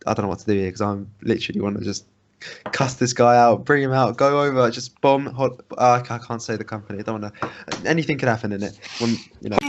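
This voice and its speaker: Young man, casual podcast chat, rambling, swearing, mid pitch, dull lo-fi recording. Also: slight background noise. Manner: rambling, swears, retells an annoyed story. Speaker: podcast co-host. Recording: dull lo-fi sound.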